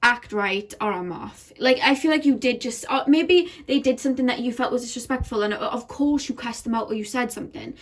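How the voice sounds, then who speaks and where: A woman with a slightly high voice gives a casual pick-a-card tarot reading. She talks in a loose, chatty way, full of "like" and "you know", and keeps laughing as she goes. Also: steady tone, quick pace, few pauses.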